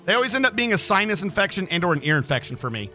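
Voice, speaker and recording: A man's voice: sits high, very animated, very fast, sharp tone, soft background music. A male game streamer with a throat infection, chatting casually on a livestream and ranting with plenty of swearing. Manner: ranting, profane, exasperated.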